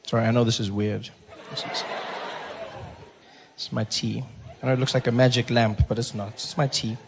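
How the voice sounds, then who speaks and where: A middle-aged man from South Africa performing a stand-up routine, telling a story in an animated way, acting out other voices and dropping to a soft hush for jokes. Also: mid-range voice, moderate pace, creaky, noisy background. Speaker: stand-up comedian. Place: stage.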